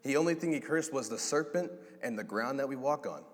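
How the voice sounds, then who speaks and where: A man preaching a sermon, animated and acting out the voices in his story. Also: mid-range voice, a little fast. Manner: animated, acts out voices of God and Adam. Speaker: pastor. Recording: long hall reverb.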